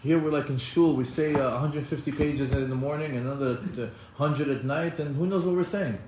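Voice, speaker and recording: Animated man giving a Torah class. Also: on the high side, brisk. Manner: animated, acts out quoted voices, many restarts. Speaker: Torah teacher. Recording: echoey room with faint ambience.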